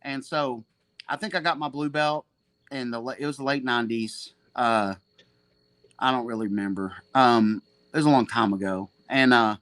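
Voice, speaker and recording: A man's voice: mid-range voice, normal speed, fairly bright tone, dry recording. A man in his forties, a jiu-jitsu gym owner guesting on a podcast, telling stories in a profane, rambling, self-mocking way. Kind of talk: casual storytelling.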